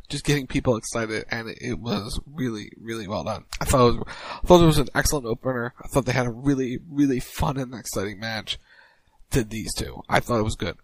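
Guy running through a match recap fast, dry close mic, middle pitch. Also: dry recording, low-quality recording. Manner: rapid recap, mimics crowd chants in a higher voice. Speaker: podcast co-host recapping wrestling. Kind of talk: casual play-by-play recap.

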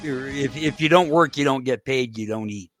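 A man's voice: medium pitch, normal speed, a bit bright, faint music behind. A middle-aged man from Canada co-hosting a casual podcast, rambling and joking with frequent restarts. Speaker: co-host.

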